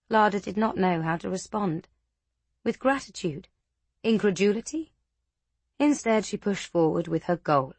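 A woman narrating a novel as an audiobook, measured and steady. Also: on the low side, breathy edge, no echo. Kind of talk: scripted narration.

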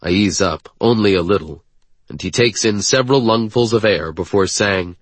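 A man's voice: sits low, moderate pace, fairly bright tone, dry recording. A man narrating an audiobook in the first person, brooding, clipped and intense.

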